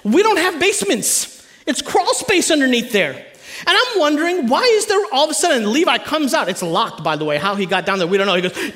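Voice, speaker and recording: A man in his thirties preaching a sermon in a church, telling animated, humorous family stories to the congregation. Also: extremely high pitch, a little fast. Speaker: pastor. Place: church stage before a live audience.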